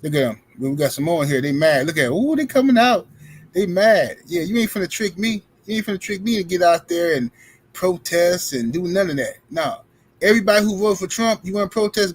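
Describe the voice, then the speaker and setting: A man's voice: high voice, lively intonation, fairly quick, husky, no echo, low-quality recording. A man hosting a live stream, speaking bluntly in casual commentary and often repeating his phrases. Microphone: streaming setup mic.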